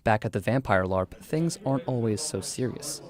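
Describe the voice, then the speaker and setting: A man narrating a scripted radio news feature as a reporter, in a measured, even delivery. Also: fairly low pitch.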